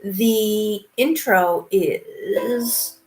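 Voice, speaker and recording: A woman's voice: medium pitch, extremely slow, loud music behind the voice. A woman teaching ukulele on a live stream, chatting casually and encouraging the viewers as she talks them through a song. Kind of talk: casual instruction and sing-along.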